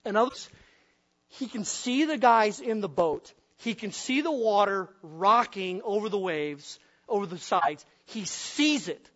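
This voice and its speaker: A pastor from the upper Midwest preaching a sermon, asking the congregation questions and acting out the voices of frightened men. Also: male voice, sits high, lively intonation, measured pace, a bit bright, highs cut off.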